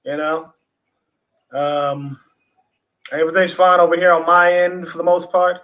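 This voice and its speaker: A relaxed, chatty man hosts a livestream from home over a video call. His voice sits a little high, and he talks loosely to his viewers, dropping the odd swear word. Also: measured pace, poor audio. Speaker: livestream host. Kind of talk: casual livestream chat.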